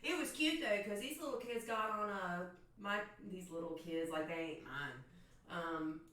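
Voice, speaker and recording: A woman's voice: fairly low pitch, measured pace, fairly bright tone. A woman in her thirties from Florida, telling a profane, joking story casually to her stream chat. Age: 30s. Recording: echoey room, far from mic.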